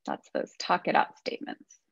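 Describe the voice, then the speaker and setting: A woman teacher giving a gentle, encouraging lesson to children. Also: moderate pace, dry recording. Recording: dull, dry sound.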